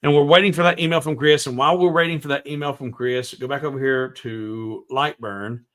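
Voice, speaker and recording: His mid-range, fairly bright voice is brisk with fairly even intonation. Hosting a woodworking livestream from his workshop, the man keeps things folksy and loose, humming as he works and reading out viewer comments to respond in casual tutorial chat.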